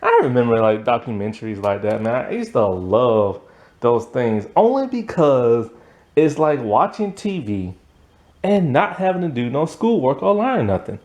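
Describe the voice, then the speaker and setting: A man's voice: medium pitch, sing-song, normal speed, a little mellow. Rambling young man with lots of fillers. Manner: rambling, filler-heavy with frequent "like". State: sleepy, yawning late at night. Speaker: reviewer. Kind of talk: casual spoken episode review.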